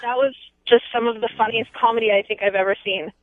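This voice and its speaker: Woman, radio caller, enthusiastic, gushing, somewhat high, tinny phone line. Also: steady tone, quick pace, dry recording. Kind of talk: call-in to radio show. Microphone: telephone.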